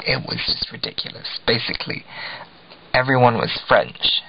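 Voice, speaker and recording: A young man from England rambles casually to camera, self-deprecating and filler-heavy. His voice sits at a middling pitch with a gravelly edge. The recording is dull and lo-fi, with a faint hiss underneath. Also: big pitch swings, normal speed. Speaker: video blogger.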